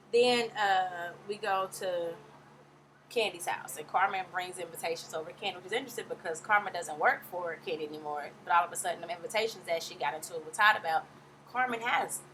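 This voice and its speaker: A woman giving a fast, sassy, casual recap and acting out quotes in different voices. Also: mid-range voice, fairly bright tone, slight background noise. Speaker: recap vlogger.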